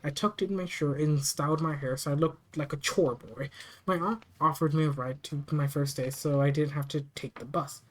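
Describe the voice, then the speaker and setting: A narrator reading a first-person horror story aloud, steady and plain, with small restarts. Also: medium pitch, normal speed, poor audio.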